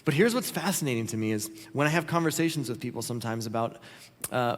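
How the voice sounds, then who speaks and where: A pastor preaching a sermon, earnest and conversational, acting out quoted prayers along the way. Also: male voice, mid-range voice, lively intonation, fast. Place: church auditorium. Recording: long reverb of a church hall.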